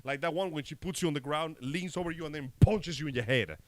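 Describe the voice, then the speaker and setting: A man's voice: fairly high pitch, quick pace, dry recording. A man with a slightly raised voice tells sardonic, joking stories with loose swearing. His sound is dry and close. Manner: sardonic, jokey storyteller. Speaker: co-host. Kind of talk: casual podcast banter.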